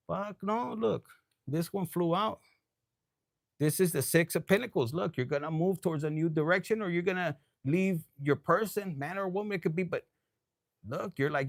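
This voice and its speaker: A man reads tarot live in a loose, profane, slightly tipsy ramble, sprinkling in Spanish. His voice sits a little high and is gravelly with fry. The sound is dry and close. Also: normal speed, no echo. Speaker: tarot reader. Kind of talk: casual live tarot reading.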